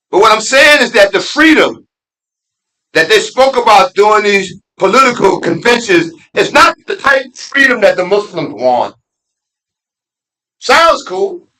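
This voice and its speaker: A middle-aged man, an imam giving a conversational Friday sermon with street slang, dropping to low asides and rising to loud emphatic peaks. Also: poor audio. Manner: street slang and laughter mixed into preaching. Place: mosque.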